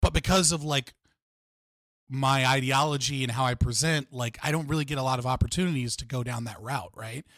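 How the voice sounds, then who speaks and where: A man's voice: medium pitch, brisk, fairly bright tone, dry recording, clean studio sound. A young American man hosting a livestream chat, rambling and filling his talk with "like". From United States. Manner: rambling, heavy on fillers like "like". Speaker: livestream host. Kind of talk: casual chat.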